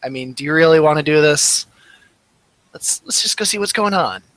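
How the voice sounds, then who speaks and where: A man voices a cheeky young male wizard in a tabletop game, sarcastic and breezy. His voice sits a little high. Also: animated, moderate pace, a bit bright, dry recording. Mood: wisecracking. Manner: sarcastic, joking.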